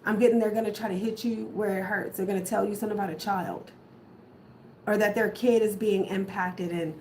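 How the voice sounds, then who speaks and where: A woman's voice: medium pitch, steady tone, fairly quick, darkish tone. A woman giving a casual tarot reading, repeating firm, emphatic warnings. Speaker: tarot reader. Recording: echoey room, faint background noise.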